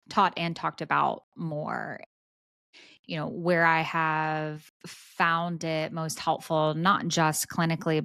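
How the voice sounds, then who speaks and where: A woman's voice: low-pitched, gravelly, no echo, studio quality. A woman hosting a podcast, responding to her guest in a chatty, affirming conversational way. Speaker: podcast host. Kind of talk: conversational interview reply.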